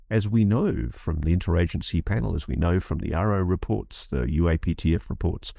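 A man's voice: low-pitched, sing-song, a little fast, creaky, few pauses, dark tone, dry recording, studio quality. A man speaking as a guest in an interview, impassioned and emphatic, often restarting phrases as he builds his point. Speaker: guest commentator. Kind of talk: animated interview talk.

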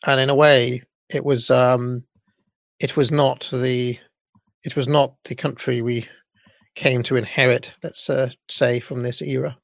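A man with a gravelly, creaky voice talks through his thoughts in a casual, halting way. The sound is dry and close, but a little muffled. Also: mid-range voice, flat delivery, dry recording. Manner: hesitant, full of ums and restarts. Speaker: commentator. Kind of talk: casual commentary.

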